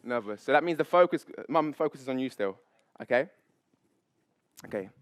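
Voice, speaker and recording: A man, a public speaking coach, leading a live seminar on stage with high energy, playful banter and frequent laughs. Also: lively intonation, moderate pace, no room sound. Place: event stage before an audience.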